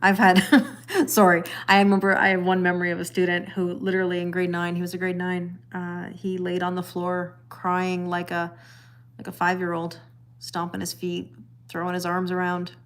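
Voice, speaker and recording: A middle-aged woman hosts a casual tarot livestream, chatting with viewers, reading their comments aloud, laughing often, and repeating her phrases. Her voice is on the low side and monotone at a normal speed.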